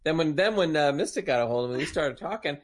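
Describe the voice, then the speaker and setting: Fast-talking man defending himself. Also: a little high, animated. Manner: fast, defensive, laughing retelling. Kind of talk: casual chat.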